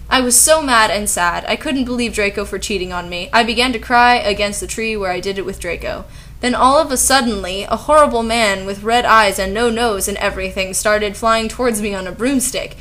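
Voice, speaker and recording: Young woman snarking through a bad fanfic reading, sarcastic, kinda high voice. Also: fairly quick, a bit bright. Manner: sarcastic, incredulous asides. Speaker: video commentator. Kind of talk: comedic dramatic reading with commentary.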